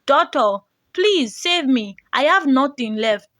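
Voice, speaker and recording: A woman's voice: sits high, lively intonation, slow, fairly bright tone, no room sound, clean studio sound, full character voice. A woman voicing a desperate, sick mother, pleading through tears in a storytelling reading. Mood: faint. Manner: pleading, tearful.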